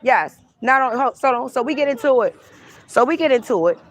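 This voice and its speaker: A woman's voice: high-pitched, animated, fairly quick. Heated, profane woman telling a story. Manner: heated, profane, acts out both sides of the argument. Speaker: tarot reader. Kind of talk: casual storytime rant.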